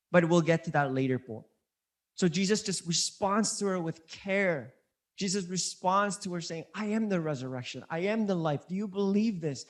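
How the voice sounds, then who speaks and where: A male pastor preaching a sermon in an earnest, conversational way, often repeating key words for emphasis. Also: a little high. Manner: conversational preaching with many restarts.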